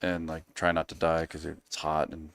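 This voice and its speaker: A man's voice: a bass voice, completely flat delivery, normal speed, vocal fry, fairly bright tone. A man from the United States talking as a podcast guest in a casual, rambling way with frequent ums and trailing asides. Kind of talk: casual interview talk.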